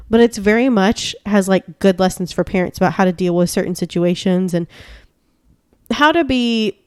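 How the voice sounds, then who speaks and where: A woman's voice: mid-range voice, a little mellow, no echo, clean studio sound. A woman co-hosting a podcast in casual chat, gushing and rambling with lots of fillers. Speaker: podcast co-host.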